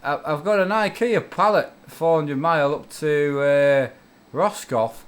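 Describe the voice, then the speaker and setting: A young man chatting casually on a live stream with his father, teasing him and firing quick questions. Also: fairly high pitch. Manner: teasing, quick questions, talks over the other. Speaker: co-streamer, son of the other player.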